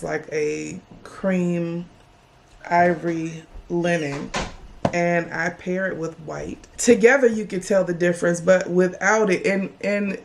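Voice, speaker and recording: A woman talks straight to a camera at home in a loose, chatty vlog style, drifting from point to point with plenty of fillers. Her voice sits on the lower side and breaks into a gravelly fry at the ends of phrases. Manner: chatty, rambling, many "like" and "you know" fillers. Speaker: home furniture vlogger. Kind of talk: casual vlog talk to camera.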